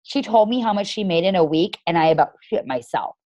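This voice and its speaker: A woman's voice: lowish voice, lively intonation, brisk, mellow, no room sound. Blunt, emphatic woman coaching her team. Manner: blunt, emphatic, casual, peppered with "like" and "literally". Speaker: team leader of fitness coaches. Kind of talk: motivational team call.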